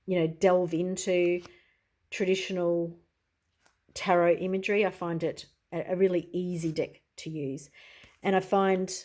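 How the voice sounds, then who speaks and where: A middle-aged woman with an Australian accent talks through a casual show-and-tell. Her voice sits a little low and sounds mellow and soft-edged. She chats in an easygoing way, with plenty of small asides. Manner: chatty and easygoing, with frequent "you know" and "I suppose". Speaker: tarot reader.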